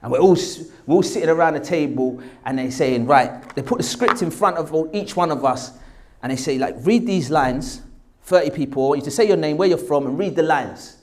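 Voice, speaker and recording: A man telling a lively personal story, acting out the voices of the people in it. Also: on the high side, fairly quick. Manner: animated, acts out quoted voices. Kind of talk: casual anecdote.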